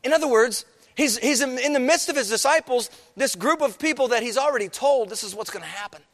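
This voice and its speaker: A man preaching a sermon to his congregation, swinging between quiet, low passages and raised, emphatic ones. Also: a little fast, in a large hall. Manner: preaching, rising and falling with emphasis, addresses the congregation. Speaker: pastor.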